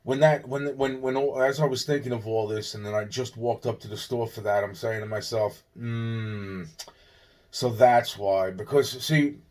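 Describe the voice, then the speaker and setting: A man's voice: medium pitch, fairly even intonation, moderate pace, a little mellow. A man, from Long Island, rambling through an agitated, profane personal monologue and often restarting his sentences. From Long Island, New York. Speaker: vlogger.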